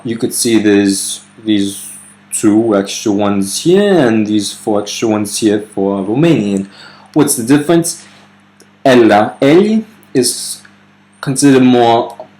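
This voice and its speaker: Low-voiced man, casual video grammar tutor, some ums, reads out foreign example sentences. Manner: relaxed, with fillers and self-corrections. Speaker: language teacher.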